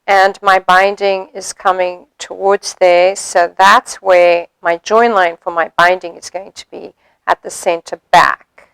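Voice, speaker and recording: Slow, smooth-voiced woman teaching sewing. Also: lowish voice, flat delivery, a bit bright, dry recording, low-quality recording. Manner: chatty, thinks aloud while working, frequent ums. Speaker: sewing instructor. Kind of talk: hands-on sewing demonstration.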